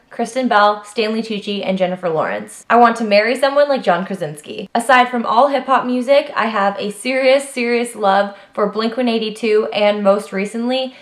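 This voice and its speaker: A chatty young woman talks straight to her camera, rattling through personal facts in an easy, unscripted way. Her voice sits at an ordinary middle pitch and leaps up when she gets worked up, with plenty of "like" and trailing asides. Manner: chatty and animated, lots of fillers, jumps up in pitch when emphatic. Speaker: vlogger.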